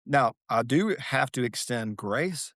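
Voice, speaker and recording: Male guest, middle pitch, earnest storyteller who leans on repetition; dry, close sound. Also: expressive, slow pace, a bit bright, no echo. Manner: earnest, dramatic storyteller who repeats key phrases. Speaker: guest, author and athlete. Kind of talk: reflective podcast conversation.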